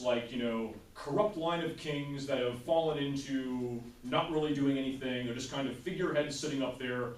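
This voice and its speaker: A man's voice: medium pitch, recorded from a distance. A man teaches a history class in a loose, conversational way and keeps checking in with his listeners. He sounds roomy and a little off-mic, as though the recorder sits across the classroom. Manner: conversational, checks in with "right?" often.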